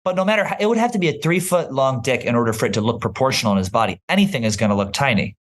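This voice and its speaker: A man co-hosting a podcast in casual chat, playful and teasing in quick banter. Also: medium pitch, animated. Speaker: podcast co-host.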